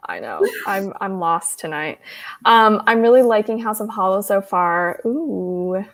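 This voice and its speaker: A woman's voice: medium pitch, expressive, unhurried, fairly bright tone. A young woman hosting a casual livestream chat, giggly and rambling, filling her talk with "like". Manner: giggly, chatty, rambling with many "like"s. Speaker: host reading live chat.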